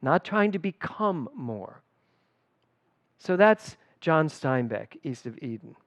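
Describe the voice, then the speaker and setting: Middle-aged guy giving a chatty sermon, voice a bit high, dry close sound. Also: takes it slowly, dry recording. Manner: animated and personal, storytelling with emphatic swings. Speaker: spiritual director. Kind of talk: conversational sermon. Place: church service.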